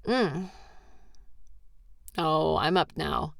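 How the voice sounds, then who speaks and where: A woman's voice: low voice, lively intonation, drawn-out words, gravelly, no echo, clean studio sound. A woman in a comfort role-play who is tired and yawning, talking sleepily and reassuringly to a partner. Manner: sleepy, reassuring, playful teasing. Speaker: audio role-play performer.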